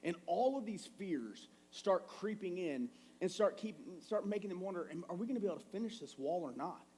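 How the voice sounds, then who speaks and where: A man in his thirties preaching a sermon in a church, telling family stories in a conversational, animated way. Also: high voice, brisk, slight background noise. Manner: conversational, animated storytelling with acted quotes. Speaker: pastor. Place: church sanctuary.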